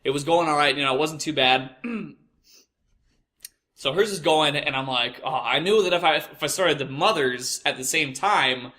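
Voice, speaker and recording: A man's voice: on the high side, normal speed, pushed and bright. A young man telling a crude work story, exasperated and swearing constantly. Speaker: podcast host. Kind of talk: profane storytelling rant.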